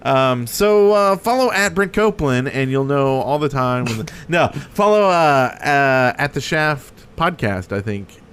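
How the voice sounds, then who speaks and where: A man's voice: mid-range voice, lively intonation, measured pace, hardly any pauses, a bit bright, clean tone. A man co-hosting a casual gaming podcast, joking around and reading listener questions aloud. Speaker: podcast co-host.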